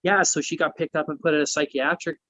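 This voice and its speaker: Male guest, slightly high pitch, dry, profane and rambling. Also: fairly even intonation, fast talker, pushed and bright, dry recording, muffled recording. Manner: swears constantly, rambling. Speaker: wrestler guest. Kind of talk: casual storytelling.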